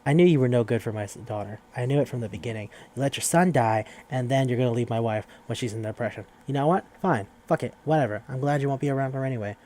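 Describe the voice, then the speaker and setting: A man voicing an indignant, spiteful middle-aged father-in-law in a loud, exasperated, slightly raised voice. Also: mid-range voice, fast, hardly any pauses, natural voice.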